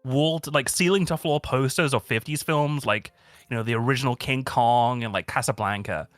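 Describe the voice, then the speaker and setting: A man chats on a live stream and rambles through stories, packing his talk with fillers. His voice sits at an ordinary pitch with a dry, close sound. Faint music plays behind him. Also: moderate pace, no room sound. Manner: rambling, heavy on fillers, animated storytelling. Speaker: stream guest. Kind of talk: casual chat.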